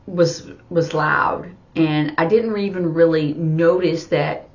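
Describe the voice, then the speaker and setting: A middle-aged woman, an ASL teacher and interpreter, telling a personal story in a slow, halting way with many fillers. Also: fairly low pitch. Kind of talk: personal story told while signing. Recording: dull lo-fi sound.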